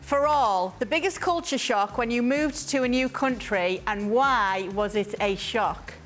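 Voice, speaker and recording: A woman's voice: fairly high pitch, a bit bright, faint music behind. Woman host steering a panel. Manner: brisk, passes questions to guests. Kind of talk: hosting a panel chat.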